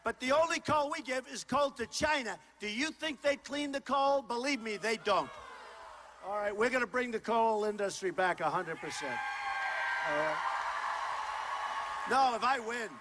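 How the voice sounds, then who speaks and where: Speaking at a moderate pace in a forceful, tense, high-set voice, a political candidate in his sixties addresses a campaign rally in a large hall. Off the cuff and loud, he circles back to the same points again and again.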